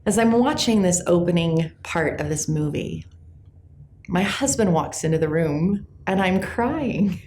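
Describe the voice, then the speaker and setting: Middle-aged woman, lowish voice, earnest reflective vlogger, soft delivery. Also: lively intonation, a little hiss or hum. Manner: gentle and earnest, slowing on key words. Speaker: class teacher sharing personal reflections. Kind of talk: reflective personal talk to camera.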